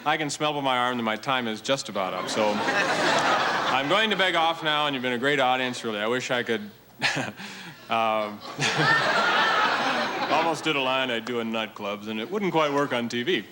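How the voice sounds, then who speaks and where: A man doing a stand-up routine on a TV stage, telling his story in a deadpan, mock-earnest way to a live audience. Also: medium pitch, normal speed. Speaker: stand-up comedian. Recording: TV studio with audience laughter and noise.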